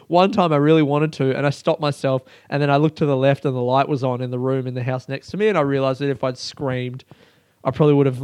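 A man telling a personal story in a casual monologue. He talks in an animated way, swears freely and laughs often. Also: mid-range voice, smooth, no room sound. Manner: animated and profane, with frequent laughter. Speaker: solo storyteller.

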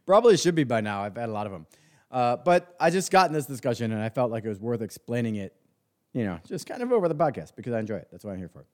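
A man hosts a sports podcast in a ranting monologue. He is sarcastic and profane, full of fillers, and his pitch swings widely as he works himself up. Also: sing-song, quick pace, a little mellow. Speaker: podcast host.

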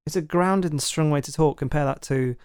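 A London-accented podcast host delivers a casual, chatty monologue full of fillers and asides. His voice is fairly high, brisk, smooth and darkish, captured in a dry, studio-quality recording.

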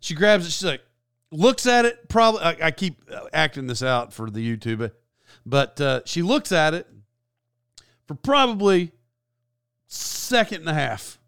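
A man with a high, smooth voice rambles through a casual vlog story, stopping for side notes and restarts. He sounds close to the mic in a dry room with no echo. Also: sing-song, unhurried, long pauses, fairly bright tone. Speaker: YouTuber.

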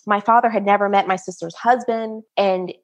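Animated woman recounting her own story. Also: normal speed. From United States. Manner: animated, acts out quoted voices at a higher pitch. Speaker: interview guest. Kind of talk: personal storytelling in an interview.

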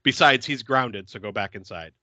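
A man hosting a podcast, recapping a film in a casual, animated way, laughing often and swearing freely. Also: medium pitch, moderate pace, no echo. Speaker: podcast host.

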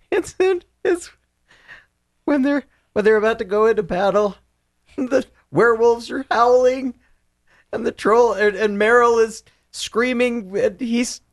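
A man co-hosting a casual book discussion podcast, laughing often as he retells scenes with animated energy. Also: very high voice, slow, pauses often, no room sound, clean studio sound. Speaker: podcast co-host.

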